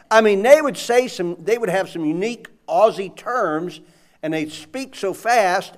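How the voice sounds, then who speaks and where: High-voiced preacher man. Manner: animated, conversational, audience call-and-response. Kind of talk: sermon.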